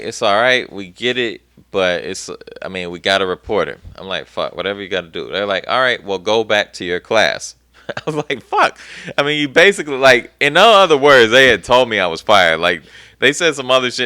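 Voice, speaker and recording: A young man hosting a podcast, telling a profane, animated story and acting out the dialogue. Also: sits low, clear, resonant tone, no echo. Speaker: podcast host. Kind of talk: casual storytelling chat.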